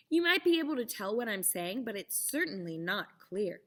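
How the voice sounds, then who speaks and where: A young adult woman teaching theater to children, encouraging and speaking with clear enunciation. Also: mid-range voice, sing-song, normal speed, few pauses, a bit bright. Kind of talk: children's lesson.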